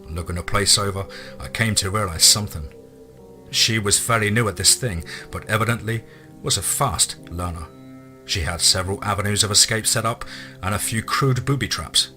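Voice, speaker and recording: A man narrating a first-person tale in a low, forceful voice with a measured, wry delivery. Faint music plays quietly behind his reading. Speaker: story narrator.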